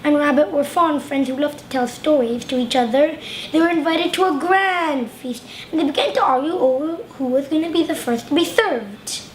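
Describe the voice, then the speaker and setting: A woman's voice: high-pitched, moderate pace, few pauses, roomy sound, slight background noise. A young woman retelling a folk tale to a class, giving each animal its own voice. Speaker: student storyteller. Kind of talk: storytelling to a class.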